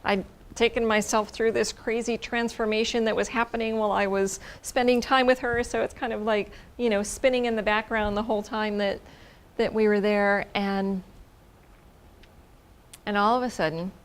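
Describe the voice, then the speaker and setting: A woman telling a personal story in an expressive, effusive way, repeating words for emphasis and now and then dropping into a whisper. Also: mid-range voice, moderate pace.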